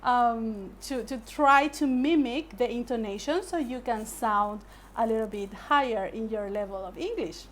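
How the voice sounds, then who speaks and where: Woman english teacher, slow careful delivery, a bit high voice. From Paraguay. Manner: measured, explanatory, asks "right?" often. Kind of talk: language lesson.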